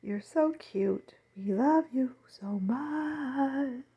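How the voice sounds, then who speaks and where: A woman's voice: high-pitched, slow pace, husky, lo-fi sound. A woman chatting to her dog in doting, sing-song baby talk, recorded at home. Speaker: dog owner. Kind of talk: casual talk to her pet.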